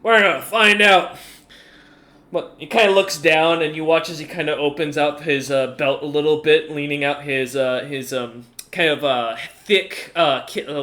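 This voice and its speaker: A man's voice: fairly high pitch, fairly bright tone. A man running a tabletop game as game master, narrating in a rambling way with many fillers.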